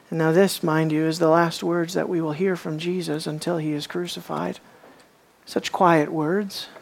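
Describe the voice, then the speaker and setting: A woman preacher giving an earnest expository sermon, often asking her listeners rhetorical questions and swinging between raised and hushed emphasis. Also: mid-range voice.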